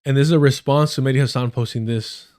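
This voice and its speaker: A man's voice: medium pitch, steady tone, quick pace, darkish tone. A man hosting a livestream, giving heated and sarcastic political commentary with frequent swearing. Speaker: livestream host.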